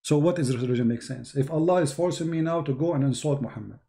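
Hoarse, combative man yelling at a caller. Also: fairly high pitch, fast talker. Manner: shouting, repetitive, combative. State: hoarse, losing his voice. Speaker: livestream debate host. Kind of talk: heated call-in debate.

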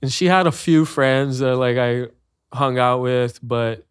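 A man's voice: medium pitch, steady tone, unhurried, smooth, dry recording, clean studio sound. A man from Hawaii with a Hawaiian accent, chatting casually as a podcast guest, laid-back and slangy, laughing often. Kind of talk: casual chat.

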